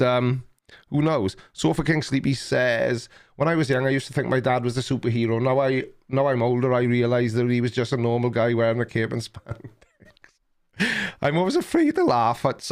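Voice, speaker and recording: Middle-aged male livestream host, rambling, self-mocking, reads chat aloud. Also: mid-range voice.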